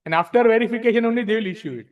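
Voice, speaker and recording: A man's voice: sits high, very fast, narrow, tinny audio. A man with an Indian English accent explaining rules to a study-circle audience, frank and emphatic, switching between English and Hindi. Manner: frank, emphatic, repeats himself. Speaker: speaker at a tax practitioners' study circle. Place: library meeting room.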